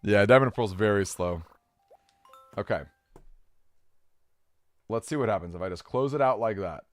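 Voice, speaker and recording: A man's voice: lowish voice, moderate pace, no room sound, faint music behind. A man streaming a game, chatting casually and rambling with fillers as he answers his chat.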